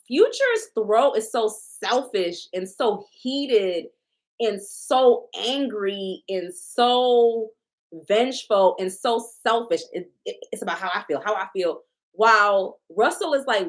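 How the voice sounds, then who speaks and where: Animated, emphatic woman tarot reader. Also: fairly high pitch, takes it slowly. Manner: emphatic, repetitive, profane. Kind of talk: casual tarot reading commentary.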